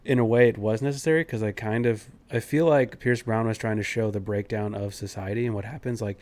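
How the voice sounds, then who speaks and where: Man, podcast co-host, relaxed filler-heavy chat, lowish voice. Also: fairly quick. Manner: casual, many fillers like "like" and "you know". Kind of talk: casual book discussion.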